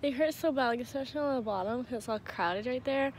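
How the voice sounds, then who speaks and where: Whiny young woman with gravelly voice. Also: high voice, fast talker, slight background noise. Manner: whiny, complaining. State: sore mouth from new braces. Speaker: vlogger. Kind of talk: casual vlog talk to camera.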